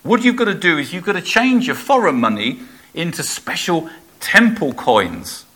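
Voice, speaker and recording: A man's voice: on the high side, very animated, normal speed, sharp tone, breathy edge, exaggerated voice. A male preacher voicing officious temple priests, fussy and dismissive.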